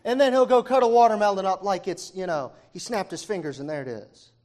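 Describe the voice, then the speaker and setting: A man preaching a sermon with fervour, moving between hushed, intimate passages and near-shouts, with many "uh" fillers between phrases. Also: sits high, brisk. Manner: frequent "uh" fillers.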